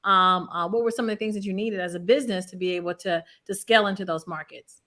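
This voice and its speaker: A woman's voice: medium pitch, quick pace, pushed and bright. A woman hosting an interview, encouraging her guest and asking follow-up questions. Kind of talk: interview host.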